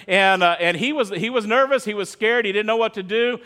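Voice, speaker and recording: A man's voice: sits high, fairly quick, bright, forceful tone. A middle-aged male pastor preaching a sermon in a conversational, storytelling way, acting out quotes as he goes.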